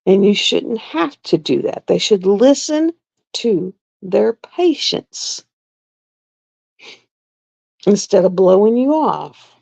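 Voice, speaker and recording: Blunt gravelly middle-aged woman, lo-fi. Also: mid-range voice, lively intonation, slow, pauses often, dark tone, dry recording. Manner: blunt, exasperated storyteller. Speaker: nurse. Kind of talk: casual live-stream chat. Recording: dull lo-fi dry live-stream audio.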